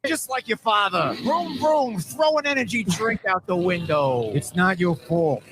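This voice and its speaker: A man playing a brash truck-ad pitchman who mocks his buyers in a comedy ad parody, with punchy delivery over a music bed. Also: lively intonation, a little slow. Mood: mocking. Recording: clip played with music bed.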